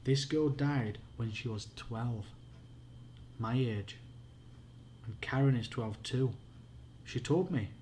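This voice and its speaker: A man's voice: medium pitch, takes it slowly, long pauses, a little mellow, slight background noise, natural voice. A man with a Yorkshire accent voicing a frightened twelve-year-old girl in a storybook reading, pleading in a raised, urgent voice.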